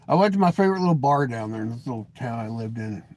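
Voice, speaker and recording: A man from the Pacific Northwest hosting a casual, rambling live stream, folksy and joking, calling himself grumpy. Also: quick pace. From Washington state. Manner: lively pitch swings, mimics voices in anecdotes.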